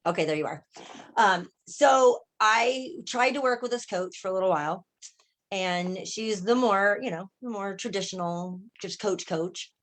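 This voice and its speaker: A woman coach and healer in an animated, casual group chat on a video call, often checking in with her listeners as she tells stories. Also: medium pitch, measured pace. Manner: animated storyteller, often asks "right?" and acts out quoted voices.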